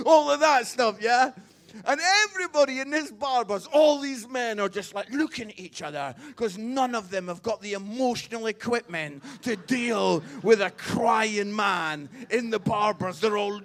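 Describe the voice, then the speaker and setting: High-voiced pastor telling stories. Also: male voice, unhurried. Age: middle-aged. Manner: animated, chatty, checks in with the crowd. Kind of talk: sermon storytelling.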